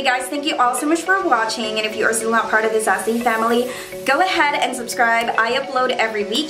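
Bubbly young woman vlogging in a roomy space. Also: fairly high pitch. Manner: bubbly and excitable, apologetic asides. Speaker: beauty vlogger. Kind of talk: casual chatty haul video. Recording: roomy echo.

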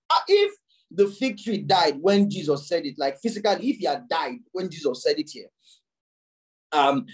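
A male pastor giving a teaching sermon. He repeats words as he explains and reads scripture aloud slowly, raising his voice. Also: rough recording. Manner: repeats words while explaining, with sudden jumps in pitch.

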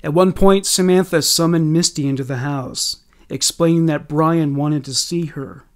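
Man narrating in a slightly high voice. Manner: steady, measured storytelling. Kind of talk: scripted narration.

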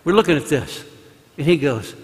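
A man's voice: fairly high pitch, lively intonation, moderate pace, heavy background noise. A man in his seventies from Kansas City, a priest telling folksy stories in a conversational sermon, often saying "you know". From Kansas City, USA. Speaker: priest giving a parish mission. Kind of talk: storytelling sermon. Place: large church. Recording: reverberant church hall.

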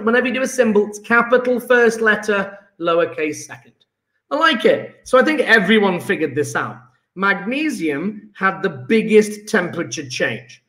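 Man, chemistry teacher, high voice, jokey and chatty, echoey room, laptop mic. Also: fairly bright tone. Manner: chatty, jokey, reads out pupils' chat. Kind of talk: live online lesson.

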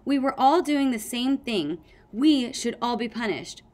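A woman's voice: fairly high pitch, animated, a little slow, a little mellow, voice pushed up. A woman voicing an eager, sturdy young male dragon who speaks bluntly and earnestly, in a storybook reading.

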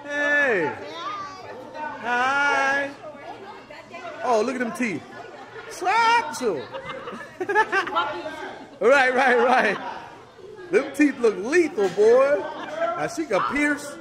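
A woman's voice: high-pitched, expressive, extremely slow, long pauses. A woman filming on a phone in a large hall and chatting playfully with children, teasing them in slangy talk. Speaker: person filming at a church kids' event. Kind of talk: casual chat with children while filming. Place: large indoor hall at a church festival. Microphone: handheld phone camera. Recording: noisy crowded hall. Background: crowd of chattering children.

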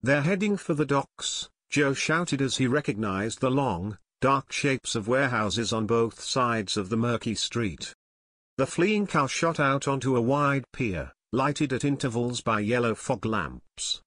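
A man reading a novel aloud as an audiobook narrator, steady and measured. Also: mid-range voice, dry recording, studio quality. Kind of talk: scripted narration.

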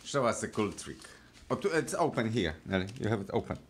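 A woman's voice: a bass voice, sing-song, fast talker, a little hiss or hum. A woman hosting a casual family video, asking the children upbeat, coaxing questions. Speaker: family vlog host.

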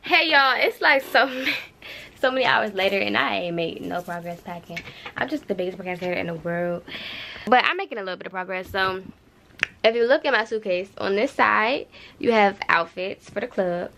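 A woman's voice: medium pitch, a little fast, vocal fry, fairly bright tone, slight background noise. A young woman talking casually to her camera on a tripod while she packs, playful, laughing and using slang. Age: young adult. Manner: chatty, playful, laughing often, uses slang. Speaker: vlogger. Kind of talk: casual vlog chat to camera. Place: bedroom while packing, indoors.

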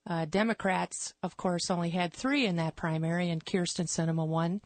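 Measured woman candidate on talk radio. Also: lowish voice, fairly even intonation, darkish tone, no room sound. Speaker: congressional candidate guest. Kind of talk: radio interview answers. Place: radio studio.

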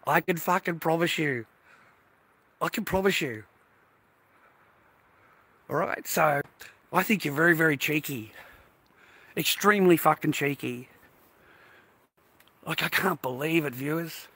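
A man with a husky, somewhat high voice rants straight at his viewers. His tone is indignant and profane, and he swears in almost every sentence. The voice is sharp and bright with a rough edge. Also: a little slow, long pauses, no echo. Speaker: vlogger. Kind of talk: profane to-camera rant. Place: outdoors on a walk.

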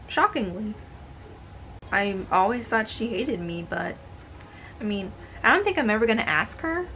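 A woman's voice: medium pitch, very animated, normal speed, long pauses, fairly bright tone, a little hiss or hum. A woman in her twenties telling stories about her retail job in a casual, exasperated, sarcastic way. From United States. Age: 20s. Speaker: vlogger telling work stories. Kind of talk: casual storytime narration.

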